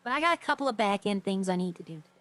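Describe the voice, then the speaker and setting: A woman's voice: mid-range voice, rapid-fire. A woman streamer chatting casually and rambling through stories while she plays a role-play game. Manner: rambling, chatty, animated when retelling stories.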